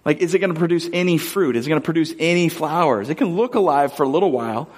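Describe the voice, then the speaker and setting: A man's voice: fairly high pitch, quick pace, a little mellow, husky. A man preaching a sermon as a pastor, talking casually and acting out little scenes and quotes as he goes. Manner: conversational, storytelling with acted-out quotes.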